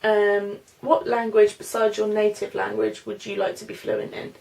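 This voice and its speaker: Vlogger, woman in her twenties, London-Norfolk accent; mid-pitched with a bit of fry, rambling and unsure in a casual question-and-answer chat. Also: level tone, normal speed, darkish tone, a little hiss or hum. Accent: mix of London and Norfolk English. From London, England. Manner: rambling, hesitant, many fillers and "I don't know". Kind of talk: casual Q&A vlog, reading questions aloud.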